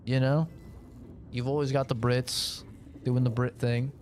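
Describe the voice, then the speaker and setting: A man's voice: mid-range voice, level tone, a little slow, long pauses, a little mellow. An American man chatting casually on a live stream, rambling and joking with lots of swearing.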